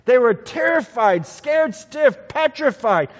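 Man preaching, high voice, unhurried delivery, dramatic swings from loud to hushed, dull lo-fi recording with long hall reverb. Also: animated. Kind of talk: sermon.

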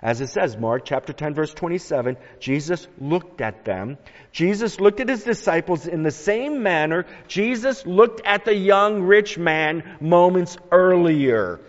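A man preaching a sermon, swinging from anguished shouts down to hushed, slow reflection. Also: sits high. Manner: dramatic, rises to anguished shouts then drops to hushed tones. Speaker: pastor. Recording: muffled sound with long hall reverb.

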